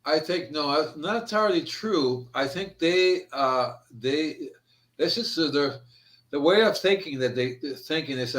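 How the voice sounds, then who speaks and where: A man with a bright, keen voice pitched a little high, hosting a gardening chat. He tells lively stories and acts out what his customers said, in an easy, casual flow. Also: unhurried. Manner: animated storyteller, acts out quotes. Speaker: gardening show host.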